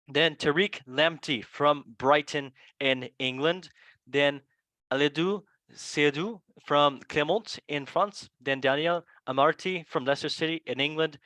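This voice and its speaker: A man's voice: on the high side, a bit bright, dry recording. Playful man hosting a football chat. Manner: playful, joking, stumbles over foreign names. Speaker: podcast host. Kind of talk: casual chat and reading a squad list.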